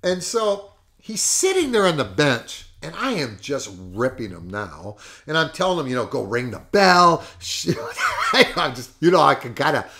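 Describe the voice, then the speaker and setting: Man, podcast host, animated storytelling, emphatic, lively, fairly high voice. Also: moderate pace. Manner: animated, emphatic, laughs often. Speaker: podcast host and fitness coach. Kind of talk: casual storytelling.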